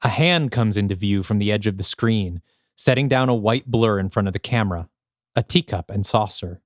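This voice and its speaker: Male podcast co-host, low voice, dry close sound, steady screenplay narration. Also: moderate pace, no echo. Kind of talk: reading a screenplay pitch aloud.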